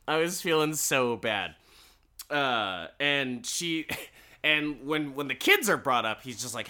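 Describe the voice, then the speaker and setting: A man casually recapping a show, animated and profane, breaking into quoted voices and laughing. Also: medium pitch, a little slow.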